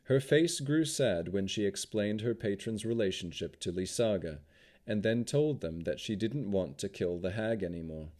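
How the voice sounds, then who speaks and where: A man narrating a fantasy audiobook with expressive storytelling. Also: lowish voice, normal speed.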